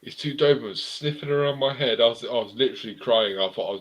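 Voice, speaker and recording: A man's voice: medium pitch, quick pace, low-quality recording. A man telling rowdy anecdotes in a casual chat, swearing freely.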